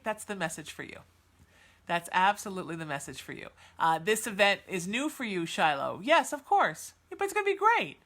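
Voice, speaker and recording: A woman's voice: fairly low pitch, big pitch swings, normal speed, a bit bright. A woman hosting a podcast and giving live psychic readings to chat viewers, soothing and reassuring, chatty with many fillers. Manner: soothing, reassuring, calls listeners sweetheart.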